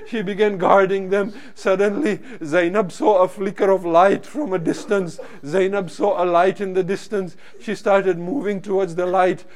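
A man's voice: high voice, darkish tone. A man preaching a mournful sermon narration, his grief-laden voice breaking into sobs.

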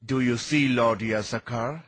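An actor playing a proud, quick-tempered temple elder in a dubbed film, commanding and scornful. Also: male voice, mid-range voice, a bit bright.

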